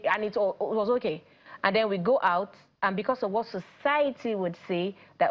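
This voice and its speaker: A woman with a Nigerian accent, a coach guest on a studio talk show, explaining things lively and acting out parents and children. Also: mid-range voice, normal speed, lo-fi sound. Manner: animated, acts out parents and children in quoted voices.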